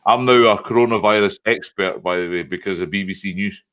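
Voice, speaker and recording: A Scottish man guesting on a live stream, chatting in an animated way and often checking in with his listeners. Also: lowish voice, brisk. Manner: chatty, animated, keeps saying "you know what I mean". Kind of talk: casual chat.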